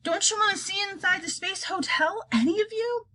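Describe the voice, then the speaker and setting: A woman's voice: extremely high pitch, moderate pace, sharp tone, pitched above the performer's own voice. A woman reading aloud and voicing an anxious young boy who pleads and urges others on. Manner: pleading, urgent.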